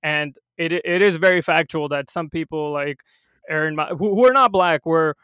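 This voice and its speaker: A man's voice: a little high, moderate pace, fairly bright tone, clear, resonant tone, dry recording, clean studio sound. Questioning man in casual chat. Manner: questioning, laughs often, says he writes stand-up.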